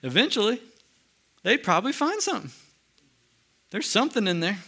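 Bright-voiced preacher, hushed to animated. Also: male voice, sits high. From United States. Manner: swings between lively emphasis and hushed, slow solemn passages. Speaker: pastor. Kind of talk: sermon.

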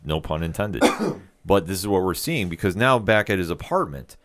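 A man co-hosting a podcast, explaining a TV episode in a measured, casual way. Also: low voice, sing-song, fairly bright tone. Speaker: podcast co-host. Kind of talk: casual TV recap discussion.

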